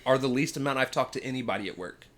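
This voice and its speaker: Bright-voiced blunt male podcast co-host. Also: mid-range voice, fast talker. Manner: opinionated, blunt, swears. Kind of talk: casual chat.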